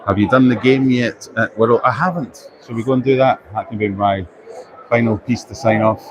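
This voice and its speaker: A man's voice: mid-range voice, normal speed. A man hosting a casual live walkaround at a busy indoor trade show, chatty and self-deprecating, thinking aloud as he goes. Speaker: livestream host. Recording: noisy exhibition hall ambience. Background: crowd chatter and hall noise.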